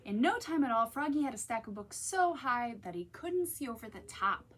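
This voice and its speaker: Animated woman reading to children. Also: fairly high pitch, normal speed, slight background noise. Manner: animated, talks to children directly. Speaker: children's librarian. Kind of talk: picture-book story time read-aloud.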